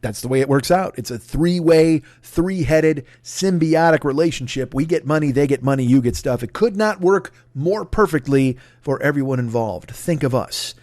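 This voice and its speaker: This man in his forties hosts his own podcast and rambles through plugs with profane, self-mocking asides. His voice is on the high side with a darkish tone, moving at normal speed with few pauses, recorded dry on a close mic.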